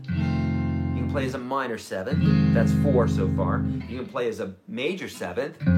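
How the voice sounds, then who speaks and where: A man in his forties, a guitar teacher giving a casual, encouraging livestream lesson with chatty, self-deprecating asides. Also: mid-range voice. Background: guitar playing.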